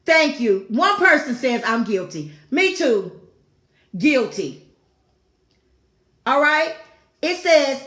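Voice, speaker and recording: A woman's voice: high voice, big pitch swings, slow, long pauses, fairly bright tone. A woman hosting a talk show, giving a fervent, preaching-style devotional talk with repeated phrases and exclaimed asides. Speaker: talk show host teaching scripture. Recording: echoey room.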